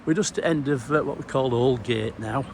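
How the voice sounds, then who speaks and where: A middle-aged man narrates a stroll around a small town in a gravelly, mid-pitched voice. He rambles casually from one sight to an anecdote about his old police days, with a dry sense of humour. A faint hum of the street sits under his voice. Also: brisk, darkish tone. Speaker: former police officer giving a walking tour. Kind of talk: casual walking-tour narration.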